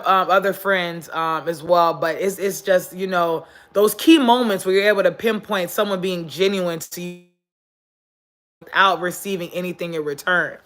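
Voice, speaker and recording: A woman's voice: on the low side, a bit bright. A woman hosting a casual motivational live stream from her phone while sitting on the floor, earnest and preachy, repeating her points for emphasis. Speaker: livestream host. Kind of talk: casual motivational livestream talk.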